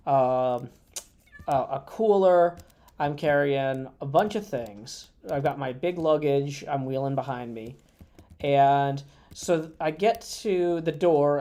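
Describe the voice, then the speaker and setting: Male livestream host, soft dark timbre, loose rambling chat. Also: on the high side. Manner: rambling, chatty anecdotes with many fillers. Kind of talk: casual livestream storytelling. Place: indoors at a gaming convention. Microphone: streaming setup at a computer.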